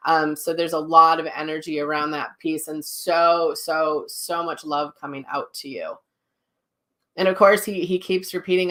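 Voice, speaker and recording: A woman hosting psychic readings in a gentle, reassuring voice, full of ums and restarts, relaying messages in quoted voices. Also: deep voice, fairly even intonation, moderate pace. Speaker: psychic medium host. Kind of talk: live-streamed readings.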